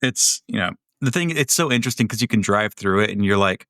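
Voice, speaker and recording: Dry-humored low-voiced man chatting. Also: lively intonation, quick pace, fairly bright tone, no room sound. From Florida. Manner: wry, swearing, rambling storyteller. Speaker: podcast co-host. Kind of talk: casual podcast chat.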